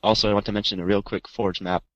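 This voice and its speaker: Brief: male co-host, very low voice, dry close mic, laid-back jokey delivery. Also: little pitch movement, fast talker, no echo, muffled recording. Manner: reads listener mail with jokey asides. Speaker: podcast co-host. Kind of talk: casual chat.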